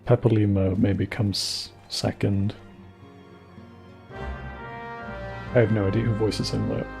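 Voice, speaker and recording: A man's voice: lowish voice, little pitch movement, slow pace, creaky. A young man casually commentating a game stream into a desk microphone, blunt and joking, swearing offhandedly and sometimes reading game lines aloud. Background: game music.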